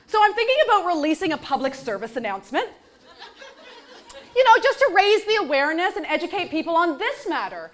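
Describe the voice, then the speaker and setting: A woman performing a stand-up comedy set on stage, with a punchy, sarcastic delivery and deadpan asides. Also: very high voice, brisk. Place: comedy stage before a live audience. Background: audience laughter.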